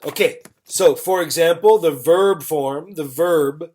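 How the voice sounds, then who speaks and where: A teacher giving an online English vocabulary lesson, speaking slowly and repeating each word and example sentence for learners. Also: female voice, low voice, mellow. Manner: slow, deliberate, repeats words and example sentences.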